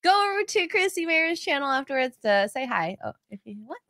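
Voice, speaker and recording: Woman producer, chatty and upbeat, slightly high voice, dry sound. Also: very animated, a little fast, bright, forceful tone, no room sound. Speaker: show producer. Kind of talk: casual live-stream chat.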